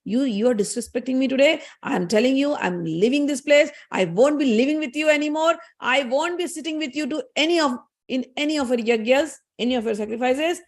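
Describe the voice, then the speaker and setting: A woman voicing an angry, proud goddess wife who scolds slowly and emphatically. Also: mid-range voice, dark tone, lightly acted. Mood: indignant. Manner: indignant, scolding, slow emphatic delivery.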